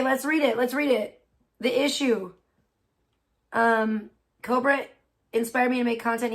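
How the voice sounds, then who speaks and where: A woman hosting a casual livestream, reading a petition aloud and reacting with feeling. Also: fairly high pitch. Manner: emotional and expressive, swearing at her computer. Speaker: livestream host.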